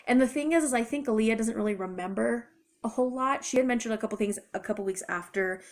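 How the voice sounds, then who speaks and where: A young adult woman retelling a personal story in a chatty, rambling, expressive way. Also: a little high, fast talker. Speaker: vlogger. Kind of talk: casual storytime.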